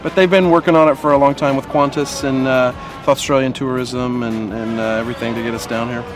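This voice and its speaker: A man's voice: mid-range voice, flat delivery, fast talker, over music. A man, an actor guest, talking casually and playfully in an interview, laughing at his own jokes.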